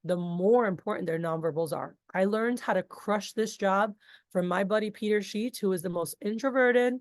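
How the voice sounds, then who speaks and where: A woman coaches a group of sales reps. She is talkative and animated, with casual asides. Her voice sits at a middle pitch and sounds close and dry, with no room echo. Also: moderate pace. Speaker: sales trainer. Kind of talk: energetic group training talk.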